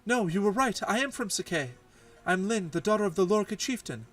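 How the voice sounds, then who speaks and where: A man's voice: high voice, expressive, a little fast, fairly bright tone, distant mic, pitched above the performer's own voice. A man doing a proud young plainswoman warrior. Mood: earnest.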